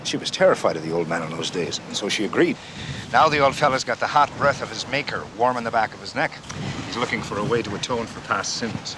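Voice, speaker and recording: A man's voice: on the low side, lively intonation, fast talker, natural voice. A man playing a sly, teasing secret agent. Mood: confiding. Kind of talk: television drama acting. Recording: noisy TV soundtrack.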